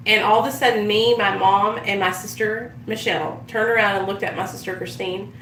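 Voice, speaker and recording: A woman's voice: mid-range voice, fairly even intonation, fairly quick, a bit bright, reverberant, distant mic, slight background noise, poor audio. A woman chatting casually on a live stream, telling stories and swearing freely as she does her makeup. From United States. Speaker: vlogger.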